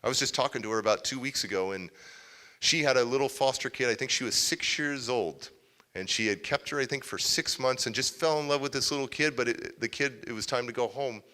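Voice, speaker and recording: A man giving a motivational talk in a large hall, telling a story in an animated way. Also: mid-range voice, a little fast. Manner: animated, acts out scenes. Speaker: motivational speaker. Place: large civic center hall, live audience.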